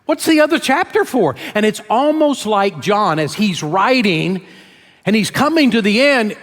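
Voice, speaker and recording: A man's voice: high voice, sing-song, unhurried, fairly bright tone, in a large hall. A man preaching a sermon as pastor, retelling a scripture story in an earnest storytelling manner. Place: church sanctuary.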